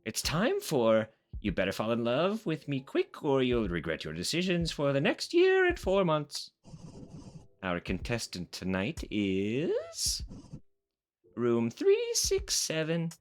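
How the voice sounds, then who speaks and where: Flamboyant game-show host, squealing falsetto jumps, wildly lively pitch, bright. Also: male voice, takes it slowly, full character voice. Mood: showy. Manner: shrill falsetto leaps, showman's patter.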